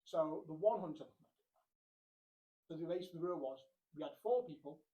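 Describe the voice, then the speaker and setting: Young male podcast host, casual storyteller, animated, acts out quotes, recorded too quiet. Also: a little high, moderate pace, highs cut off. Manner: animated, laughs through the punchlines, acts out quotes. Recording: quiet, badly set microphone.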